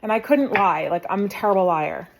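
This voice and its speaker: A woman's voice: mid-range voice, lively intonation, fairly quick, gravelly, noisy background. A young woman telling a personal story casually, rambling and correcting herself with many fillers, while cooking in her kitchen. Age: young adult. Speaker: vlogger.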